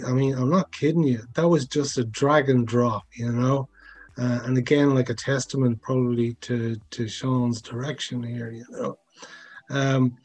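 A man's voice: mid-range voice, darkish tone. A man, a sound designer, talking in a chatty way full of fillers and asides in a podcast interview. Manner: chatty, many fillers, asks for agreement.

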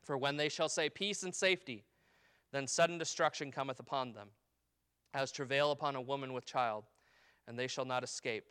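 Bright, clear-voiced man preaching a sermon. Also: mid-range voice. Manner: preaches with emphatic rises and drops, asks "okay?" often; reads scripture in a slow, falling cadence. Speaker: pastor.

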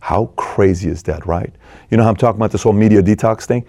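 A man's voice: fast talker, dry recording. A man telling a story with energy, acting out the lines of the people in it. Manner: energetic, acts out dialogue, swings between loud and low. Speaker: speaker retelling a film and business lessons. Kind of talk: animated storytelling talk.

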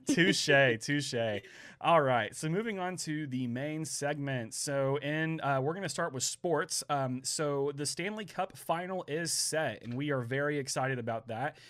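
A man's voice: a little high, fairly bright tone. Chatty man with a light Oklahoma twang. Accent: light Oklahoma Southern. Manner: rambling, fast, lots of fillers. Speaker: podcast co-host. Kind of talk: casual podcast chat.

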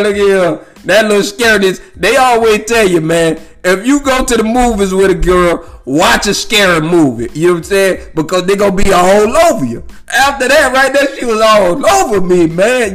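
High-voiced man telling profane rambling stories. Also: fairly bright tone. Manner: profane, rambling, keeps asking "you know what I'm saying"; laughs at his own stories. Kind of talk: casual storytelling monologue.

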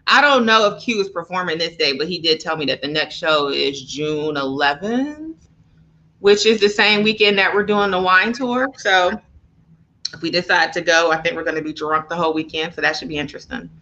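A woman co-hosting a podcast, telling a travel story in an animated, profane, laughing way. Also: on the low side, moderate pace, highs cut off. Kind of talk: casual storytelling chat.

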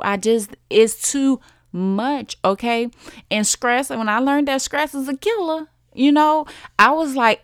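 A woman's voice: on the high side, no echo, studio quality. A woman in her thirties hosting a solo podcast, chatting in an encouraging way and talking straight to her listeners. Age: 30s. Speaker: podcast host. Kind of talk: casual solo podcast talk.

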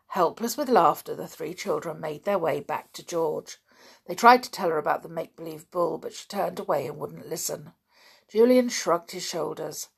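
Storybook narrator, woman, measured and expressive, breathy and husky. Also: low voice. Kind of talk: storybook reading.

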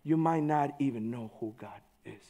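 A man giving a conversational sermon, informal and full of "you know", swinging between loud stretches and hushed ones. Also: medium pitch, moderate pace. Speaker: preacher.

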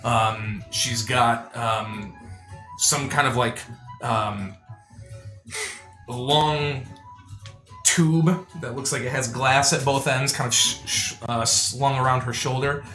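A man running a tabletop game as game master, narrating with many hesitant pauses. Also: medium pitch, steady tone, sharp tone, faint music behind. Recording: echoey room.

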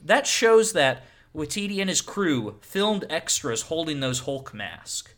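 A man co-hosting a casual film podcast, breaking down editing with playful, animated bursts. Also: fairly high pitch, measured pace. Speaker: podcast co-host. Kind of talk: casual film-criticism chat.

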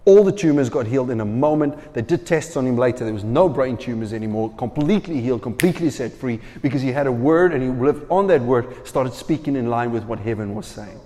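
A man preaching a sermon, telling a story with lively, acted-out quoted voices. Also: mid-range voice, brisk, hardly any pauses, big-room sound.

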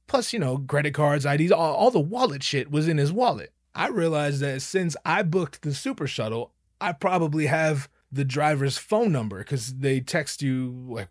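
A man telling a personal anecdote in an animated, profane, emphatic way. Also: on the high side, normal speed, hardly any pauses, dry recording, clean studio sound. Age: young adult. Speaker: storyteller.

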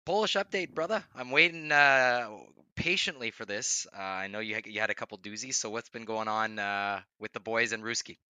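A man's voice: lowish voice, normal speed, few pauses, bright, forceful tone, clean tone, no room sound. A man co-hosting a casual sports podcast, loose and chatty with his co-host.

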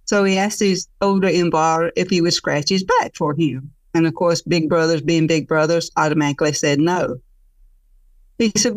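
A woman storyteller telling a traditional tale in an expressive, conversational way, laughing along with it. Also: low voice, normal speed, no room sound, recorded from a distance.

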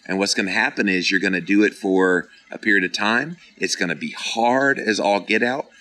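A man's voice: on the low side, normal speed, bright, forceful tone, poor audio. A middle-aged man hosting a podcast, talking casually and earnestly as he encourages listeners and reads out their comments. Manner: earnest, encouraging, playfully dramatic. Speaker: podcast host reading live comments. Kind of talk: casual motivational talk.

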